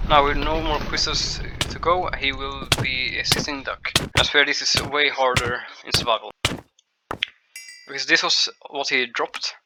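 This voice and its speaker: A man giving casual gameplay commentary as a showcase host, explaining in a halting, rambling way with frequent restarts. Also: medium pitch, very noisy.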